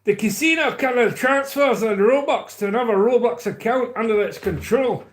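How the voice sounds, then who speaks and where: A man's voice: very high-pitched, normal speed, reverberant, voice pushed up. An English man putting on an exaggerated Scottish accent to read a news paragraph aloud on a livestream. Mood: playful. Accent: put-on Scottish.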